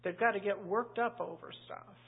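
Woman, pastor, Bible study teaching, chatty and anecdotal, raspy, phone-quality audio. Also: mid-range voice, normal speed. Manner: chatty and anecdotal, full of asides. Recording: tinny phone-like line.

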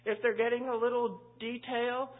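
A woman's voice: a little high, little pitch movement, moderate pace. A woman pastor teaching a Bible study in a chatty, anecdotal way, full of asides. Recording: tinny phone-like line.

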